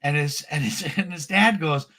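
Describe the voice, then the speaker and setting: Bright, excitable man telling a story. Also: on the high side, moderate pace. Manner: animated, excitable storyteller with many restarts. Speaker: podcast co-host. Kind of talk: casual storytelling chat.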